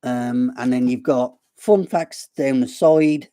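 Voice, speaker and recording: A man's voice: mid-range voice, slow pace, dark tone. A man with a Black Country accent hosting a casual live stream, rambling and self-deprecating as he chats. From Black Country, West Midlands.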